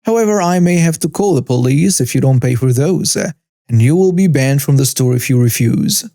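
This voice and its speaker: A man voicing a patient male store manager who speaks in a steady, measured way. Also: medium pitch, vocal fry, dry recording, studio quality. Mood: firm. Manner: measured, firm.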